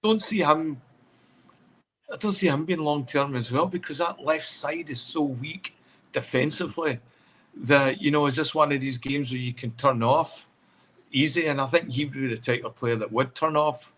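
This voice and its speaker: A man, a podcast co-host, giving animated football opinions with lots of fillers in casual chat. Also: on the high side, normal speed.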